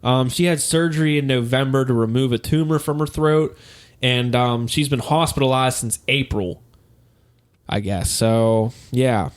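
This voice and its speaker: A young adult man co-hosting a casual podcast, joking sarcastically with dark humor and laughing often. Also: medium pitch, unhurried. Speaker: podcast co-host. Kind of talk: casual crude podcast chat.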